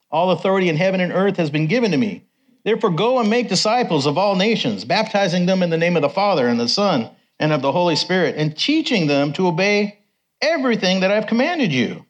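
A man's voice: a little high, low-quality recording. A man giving a sermon with personal stories, talking conversationally and often checking in with the congregation. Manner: conversational, asks the crowd "right?". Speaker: preacher.

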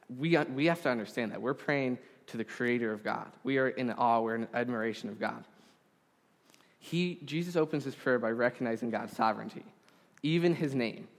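Guy preaching a sermon, slow and earnest, long echo off the hall. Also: mid-range voice. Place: congregation hall.

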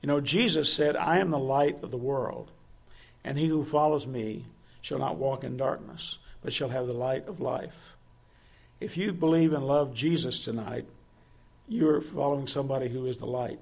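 A man's voice: medium pitch, moderate pace, creaky. A man preaching a sermon, earnest and asking his listeners direct questions.

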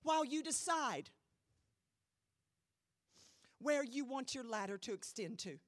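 Woman preacher in church, voice bit strained, dry close sound, slow and emphatic. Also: sits high, lively intonation, no echo. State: voice trouble, slightly strained. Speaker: pastor. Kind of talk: sermon.

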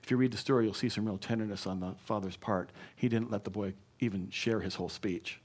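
Casual: male pastor preaching in church, lively, acts out lame apologies, gets the crowd shouting back. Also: lowish voice, quick pace. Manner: animated, acts out excuses and bad apologies, leads the congregation in call and response. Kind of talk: sermon.

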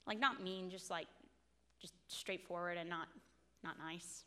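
A woman's voice: lowish voice, fairly even intonation, measured pace, pushed and bright, clear, resonant tone, long reverb tail. A woman in her twenties giving a sermon, telling a personal story in an earnest, confessional way. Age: 20s. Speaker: speaker at a faith talk.

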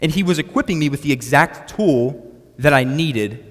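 A man's voice: on the high side, expressive, moderate pace. A young man preaching a sermon that is built around a personal story, with a storytelling manner and frequent restarts on his words. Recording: long reverb of a hall.

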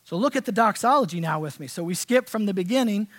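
A man pastor preaching a conversational sermon in a church, dropping to hushed tones and rising to loud, emphatic passages. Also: high-pitched, lively intonation, quick pace. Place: church sanctuary.

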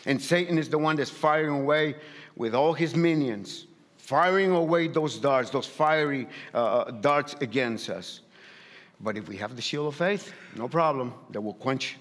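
Male pastor with a light accent, mid-pitched, preaching emphatically in a reverberant hall, plenty of repeats and restarts. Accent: non-native English. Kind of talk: sermon.

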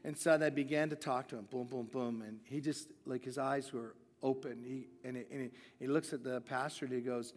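A man's voice: mid-range voice, steady tone, a little fast, hardly any pauses. A man preaching at a church service, telling stories from his own ministry in an earnest manner and often restarting sentences. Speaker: guest preacher. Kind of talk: sermon with personal storytelling. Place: large church hall. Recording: long church-hall reverb, faint music.

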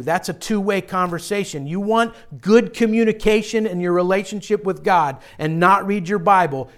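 A young man preaching a sermon as pastor, earnest and direct, often dropping to a quiet hush to drive a point home. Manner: earnest, drops to a low hush for emphasis.

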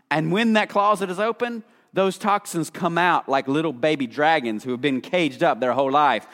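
A man's voice: on the high side, normal speed, hardly any pauses, a bit bright. A man preaching a conversational sermon, chatty and casual, full of fillers, acting out the voices he quotes. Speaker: pastor. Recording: long hall reverb.

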